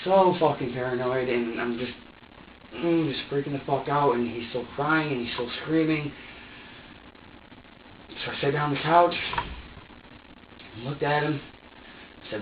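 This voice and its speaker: A man's voice: medium pitch, unhurried, pauses often, slight background noise. Agitated young man, heard from across a room. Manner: agitated, profane, stammering restarts. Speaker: suspect being questioned by police. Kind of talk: emotional confession in an interrogation. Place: police interrogation room. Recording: distant, roomy, dull room recording.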